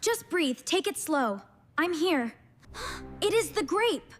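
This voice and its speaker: A woman voicing a very high bossy cartoon girl. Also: big pitch swings, takes it slowly, a little hiss or hum, exaggerated voice. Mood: worried. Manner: scolding, then urgent and frantic. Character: bossy sensible young girl. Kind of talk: slow cartoon story. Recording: reverberant room.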